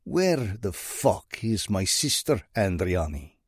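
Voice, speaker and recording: A man's voice: lowish voice, very animated, slow, husky, no echo, studio quality, heavily acted. A man voicing a sly, menacing male Russian mob boss with a drawling, mocking Russian accent. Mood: sly taunting. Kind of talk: audiobook character voice.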